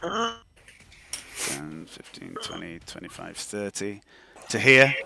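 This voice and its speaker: Bright-voiced man running a tabletop game. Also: sits low, huge pitch swings, slow, vocal fry, a little hiss or hum. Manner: rambling, hesitant, full of ums and restarts. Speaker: game master.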